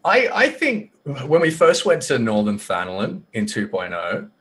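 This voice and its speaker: A man chatting as a guest on a gaming podcast, excitable and casual, swearing freely and filling pauses with ums. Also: medium pitch, slightly rough. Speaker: guest lore expert.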